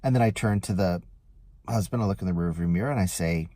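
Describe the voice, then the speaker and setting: A man, a rideshare driver, telling a story in a casual vlog in a chatty, animated way. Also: low voice, fast talker, no echo. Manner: chatty, animated retelling with lively quoted voices.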